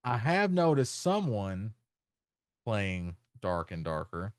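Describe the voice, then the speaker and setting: A man co-hosts a casual comedic chat, joking and teasing his friends. His voice jumps up high when something amuses him. The recording is close and dry, with no room sound. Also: big pitch swings, slow pace, no room sound. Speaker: podcast co-host.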